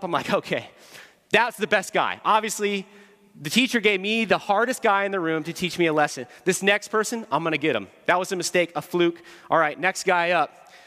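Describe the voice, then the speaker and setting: A man's voice: sits high, pushed and bright. A man giving a humorous, self-deprecating storytelling talk to an audience in a large hall.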